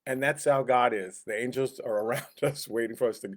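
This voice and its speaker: A man's voice: medium pitch, brisk. A man teaching a Sunday school Bible class in a casual, conversational way, chuckling often and acting out quoted lines.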